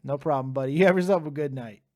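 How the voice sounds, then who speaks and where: A young male streamer with a fairly high voice rants at his chat between callers, tired and swearing freely. He sounds worn out, snapping and sarcastic as he talks. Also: fast, dark tone. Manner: tired, profane, ranting. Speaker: streamer host taking live callers. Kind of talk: profane live-stream rant.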